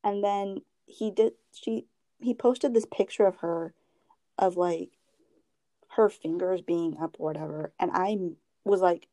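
Gossipy young woman, mellow and dry. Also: medium pitch, measured pace, dry recording, poor audio. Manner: gossipy, animated storytelling. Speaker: co-host. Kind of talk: casual chat.

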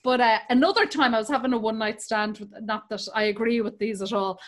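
A woman's voice: a little high, fairly even intonation, fast. An Irish woman telling bawdy stories in a casual chat, often laughing as she talks. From Ireland.

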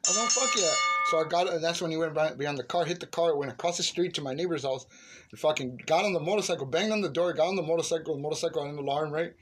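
A man casually telling friends a profane story, acting out the shouting parts. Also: fairly high pitch, rapid-fire. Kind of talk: casual chat. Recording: noisy room recording.

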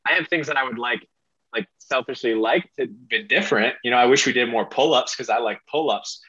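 A middle-aged man speaking as a podcast guest, rambling and excitable, with a self-deprecating manner. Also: mid-range voice, a little fast, slightly rough, no echo, lo-fi sound. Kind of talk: casual interview talk.

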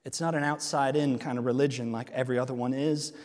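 A man's voice: mid-range voice, fairly even intonation, fast talker, darkish tone, long reverb tail. A man preaching a sermon in a church sanctuary, earnest and asking the congregation rhetorical questions. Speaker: pastor.

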